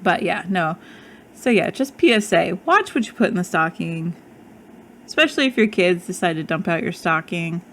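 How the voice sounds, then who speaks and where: A woman's voice: on the low side, expressive, normal speed, a bit bright, a little hiss or hum. A woman in her thirties with a slight lisp, chatting casually as a podcast co-host and laughing often. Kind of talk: casual chat.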